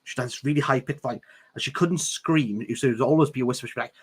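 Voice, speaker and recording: Reading from a novel, a man keeps interrupting the passages with sarcastic jokes, a book reviewer's loose read-along with commentary. He speaks at a quick pace in a medium-pitched, breathy voice.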